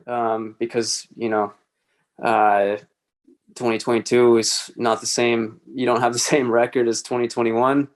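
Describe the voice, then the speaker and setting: Hesitant low-key man from Texas. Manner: hesitant, lots of fillers and restarts, low-key. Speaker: motorcycle racer, guest. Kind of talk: casual podcast interview.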